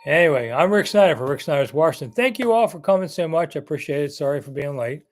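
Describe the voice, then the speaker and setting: A man in his sixties from the Maryland area hosts a sports live chat, his voice on the high side, animated and fast. He answers viewers in a rambling, chatty way, tossing in jokey asides during the casual live stream.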